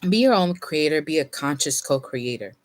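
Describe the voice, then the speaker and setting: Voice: medium pitch, animated, moderate pace. A tarot reader doing a casual reading to camera, yawning and sleepy, rambling with fillers and small laughs, and sometimes reading card meanings aloud from a guidebook.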